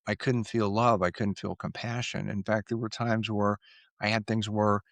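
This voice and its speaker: A man's voice: fairly low pitch, little pitch movement, normal speed, gravelly, a bit bright, dry recording. A man in his sixties, a podcast guest, telling his story in an earnest, reflective way.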